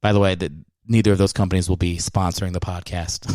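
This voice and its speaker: A man's voice: deep voice, flat delivery, fast talker, a little mellow, no room sound. A man hosting a solo comedy podcast, riffing sarcastically with plenty of swearing. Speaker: podcast host.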